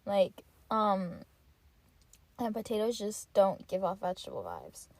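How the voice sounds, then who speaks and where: A woman's voice: medium pitch, huge pitch swings, brisk, gravelly, dark tone, no room sound. A young woman hosting a solo podcast, chatting casually and rambling with constant filler words, her voice a bit stuffy and sniffly from a cold. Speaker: podcast host.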